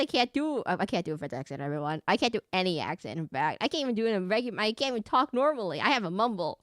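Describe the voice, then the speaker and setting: A woman's voice: mid-range voice, very animated, very fast, hardly any pauses, dry recording, clean studio sound. A woman streaming a video game, chatting casually with many restarts and self-corrections and frequent giggles. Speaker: VTuber streamer. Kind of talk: casual gameplay commentary.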